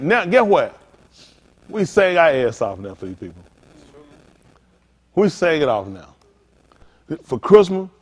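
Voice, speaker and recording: A man preaches with a high, lively voice that swoops up and down. He calls out to his listeners and acts out little scenes as he goes. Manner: lively preaching with call-outs to listeners, acted asides and drawn-out lines. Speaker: pastor. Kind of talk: sermon.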